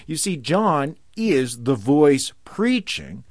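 Man preaching with lively, rising pitch. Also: no room sound, studio quality. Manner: slows down and rises in pitch for emphasis on scripture quotes. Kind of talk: sermon.

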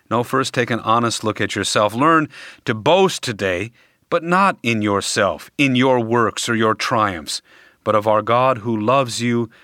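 Male preacher, sermon delivery, bright and forceful tone, slows down for emphasis, dry close sound. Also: on the low side, no room sound. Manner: deliberate, emphatic delivery with dramatic pauses.

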